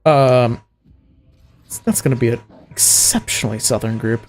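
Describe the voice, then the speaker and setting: A man's voice: mid-range voice, a little slow, a little mellow, slight background noise. A man from the American South streaming a video game, rambling in a chatty way with frequent laughs and fillers. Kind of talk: casual gameplay chat. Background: faint game music.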